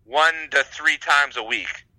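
Very bright-voiced hesitant man. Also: fairly high pitch, unhurried, no room sound, low-quality recording. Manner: hesitant, many fillers and restarts. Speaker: podcast co-host. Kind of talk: casual chat.

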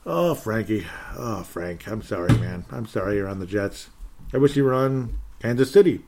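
A man's voice: lowish voice, lively intonation, normal speed, noisy background. A man hosting a solo football podcast, recapping the week's games in a sarcastic, rambling way, with sighs and chuckles. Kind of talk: casual solo sports recap.

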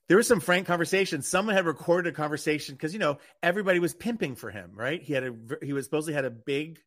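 A man's voice: a little high, quick pace, a bit bright. An older man co-hosting a radio talk show, chatting and gossiping in a self-deprecating way. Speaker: podcast co-host. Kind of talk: casual chat.

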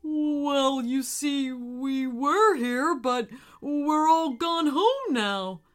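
Woman voicing a flustered small creature, hesitant, slow, high. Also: lively intonation, full character voice. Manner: hesitant, fumbling. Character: hesitant hiding animal, caught out.

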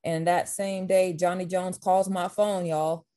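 A woman who coaches basketball tells long personal stories as an interview guest. Her voice sits a little low and sounds warm and mellow. She talks in an animated, heartfelt way, often restarting her sentences. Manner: animated, faith-filled storytelling with quick restarts. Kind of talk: storytelling in an interview.

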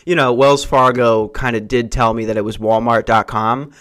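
A man's voice: mid-range voice, level tone, normal speed, fairly bright tone. A young man hosting a podcast, rambling through casual, profane, jokey stories. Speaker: podcast host.

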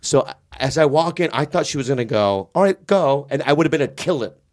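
A man in a podcast studio, storytelling with lively, stammering delivery. His pitch rises and falls widely as he acts out each moment. Casual, loose talk. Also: quick pace. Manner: animated, stammering restarts. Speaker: comedian guest.

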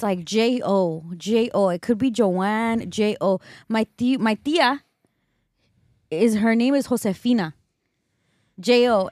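Young LA woman telling a story on a podcast, kinda high voice, dry close sound, lots of "like". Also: no room sound. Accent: Los Angeles. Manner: animated storyteller, quotes others, many fillers. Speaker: podcast co-host. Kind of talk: casual storytelling chat.

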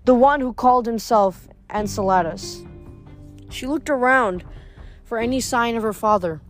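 A woman reading a novel aloud in steady storytelling narration. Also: on the high side, moderate pace, soft background music. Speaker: reader.

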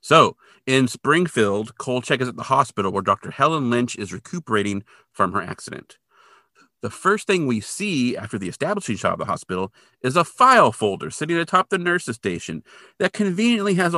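A man co-hosting a podcast, retelling an episode in an animated, chatty way. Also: medium pitch, moderate pace, no echo, clean studio sound. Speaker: podcast co-host. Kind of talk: casual recap chat.

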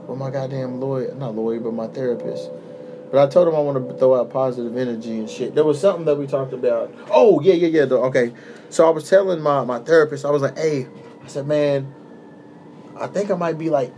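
A young man hosting a podcast who tells a story in a relaxed, casual way, swearing often and acting out the voices of the people in it. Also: medium pitch, quick pace, slight background noise. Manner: laid-back, swears often, acts out quoted voices. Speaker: podcast host.

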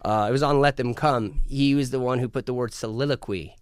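A man's voice: mid-range voice, steady tone, a little fast, smooth, no echo, studio quality. A man guesting on a podcast as a musician, talking in a rambling, profane, casual way with frequent restarts. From United States. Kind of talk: casual chat.

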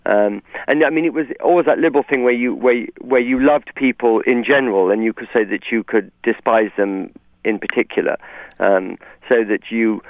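A man's voice: medium pitch, normal speed, no echo. A man with an English received pronunciation accent, a guest in a radio interview, articulate and discursive with frequent restarts. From England. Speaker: author guest. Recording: tinny phone line.

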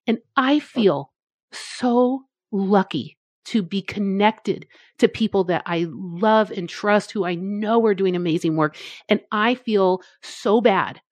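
A woman's voice: medium pitch, slow pace, a little mellow, no room sound. A woman guest on an interview podcast, a CEO, chatting casually and enthusiastically, acting out her own thoughts in quotes. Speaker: guest, marketing agency CEO.

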